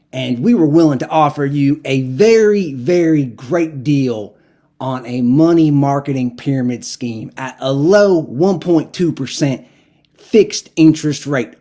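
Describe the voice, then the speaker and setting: A man voicing a goofy, smooth-talking male fake loan salesman in a prank phone call, with a put-on American Southern accent and an absurd, drawn-out sales pitch. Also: warm tone, lightly acted.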